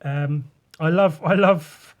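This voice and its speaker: A man's voice: on the high side, takes it slowly, muffled recording. Young english guy ranting on his podcast, sarcastic, swears a lot, drawing as he talks. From England. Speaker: podcast host, artist. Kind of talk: solo podcast rant.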